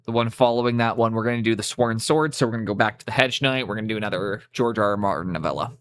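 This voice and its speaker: Fairly low-pitched, quick, smooth, and fairly bright, this young man's voice carries a Canadian accent as he chats casually on a live stream. Using a cheap USB mic, he rambles, interrupts himself, and drops casual swears.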